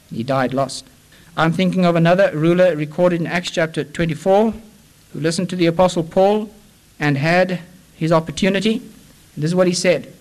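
Impassioned male preacher, high-set voice. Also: normal speed, poor audio. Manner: impassioned, swings between loud urging and hushed pleading. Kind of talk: sermon.

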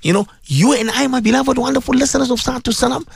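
A man's voice: very high-pitched, fast talker, vocal fry, husky, no echo. A man preaching a radio sermon, impassioned and pleading, repeating himself and mixing Arabic religious phrases into his English. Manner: impassioned, pleading, repetitive exhortation.

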